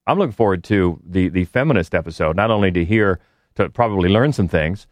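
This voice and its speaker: A man's voice: low voice, animated, no room sound. A man co-hosting a podcast in casual chat, often restarting his sentences. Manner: halting, with many restarts. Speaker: podcast co-host.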